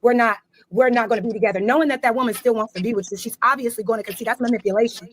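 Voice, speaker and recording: A woman's voice: fairly high pitch, rapid-fire, dry recording. A woman on a podcast panel in a heated debate, firmly pushing back and repeating her point.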